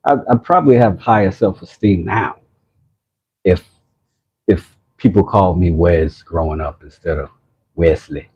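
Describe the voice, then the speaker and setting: Husky low-voiced man rambling on a stream. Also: normal speed, lo-fi sound. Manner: rambling, self-mocking, reads chat messages aloud. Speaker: woodworking livestream host. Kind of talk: casual livestream chat, reading comments aloud.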